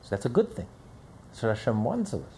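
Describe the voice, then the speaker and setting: A man's voice: mid-range voice, huge pitch swings, quick pace, warm tone, slight background noise. A man teaching a Torah lecture as a rabbi, emphatic and repeating phrases as he builds each point.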